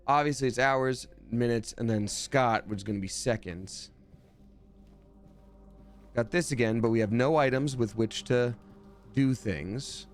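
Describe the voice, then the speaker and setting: A man's voice: mid-range voice, unhurried, pauses often. A man giving live gameplay commentary as a streamer, chatty and jokey, thanking viewers from chat as he plays.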